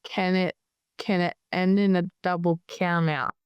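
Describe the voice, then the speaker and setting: A woman's voice: lowish voice, fairly even intonation, measured pace, clear, resonant tone, no room sound, lo-fi sound. An Australian woman joking around as a guest on a podcast, full of teasing asides. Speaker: guest wrestler. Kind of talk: playful podcast banter.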